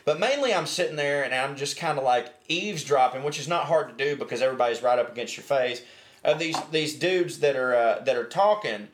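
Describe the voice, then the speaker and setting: A man's voice: mid-range voice, brisk, echoey room. A man casually telling a travel story in a tiny pub room, rambling with lots of "like" and acting out what people said. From United States. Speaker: co-host.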